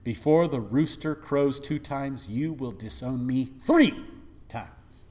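A preacher voicing a calm, knowing male teacher who speaks plainly and matter-of-factly. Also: mid-range voice, takes it slowly, close to an everyday voice.

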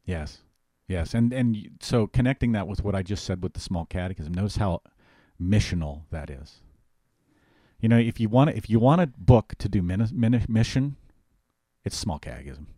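A man's voice: lowish voice, animated, normal speed, warm tone, dry recording, clean studio sound. A male pastor teaching the Bible in casual conversation, talking emphatically and animatedly, often restarting his sentences.

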